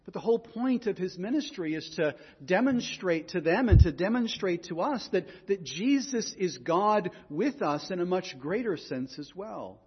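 A man's voice: high-pitched, lively intonation, normal speed, hardly any pauses, slightly rough, in a large hall, dull audio. A man preaching a sermon in an earnest way, often repeating words as he goes. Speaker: pastor.

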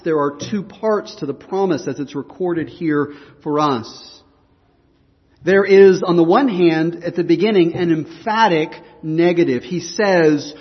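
A man's voice: a little high, big-room sound, dull audio. A man preaching a sermon as pastor, earnest and emphatic, often restarting his phrases.

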